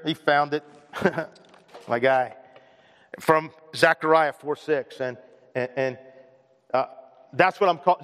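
A man preaching in a church sanctuary, his slightly higher voice carrying a long reverb from the hall. He talks in a loose, chatty way and restarts his phrases with repeated words. It sounds like a friendly sermon to a familiar congregation. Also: a bit bright. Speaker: pastor. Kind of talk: casual conversational sermon.

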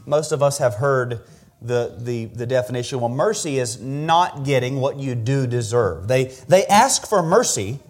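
A man's voice: mid-range voice, lively intonation, unhurried, soft background music. A man preaching an expository sermon as pastor, earnest and teaching verse by verse, often repeating a word as he restarts.

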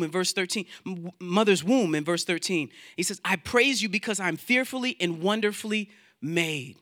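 A male pastor preaching a sermon to his congregation in church, animated, quoting scripture, acting out inner doubts and repeating words as he builds his points. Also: high voice, no echo, clean studio sound. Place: church sanctuary.

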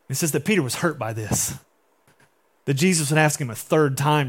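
Speaking a little fast in a slightly high voice, this young pastor keeps his sermon conversational and gives each quote its own acted-out voice.

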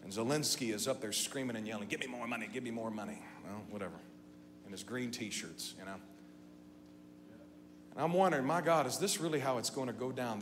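A man preaching a sermon to his congregation, going from quiet, conversational talk up to shouting. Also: medium pitch. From Midwestern United States. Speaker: pastor. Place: church sanctuary. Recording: long hall reverb, faint hum.

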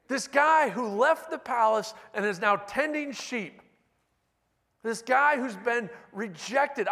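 A man's voice: very high-pitched, sharp tone, pitched above the performer's own voice, full character voice. A man voicing a nervous, self-doubting male fugitive shepherd in a sermon. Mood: pleading. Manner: anxious, hedging, self-doubting. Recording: long reverb of a large hall.

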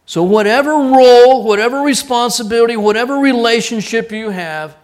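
A middle-aged male pastor preaching a sermon, telling a personal story with animated acted-out dialogue. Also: very high voice, brisk.

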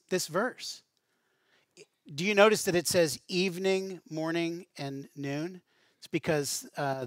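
A middle-aged male pastor preaches in an easy, conversational way, dropping in asides and small jokes. His voice sits a little high for a man, and the sound is close and dry with no room echo. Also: fairly bright tone. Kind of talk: sermon.

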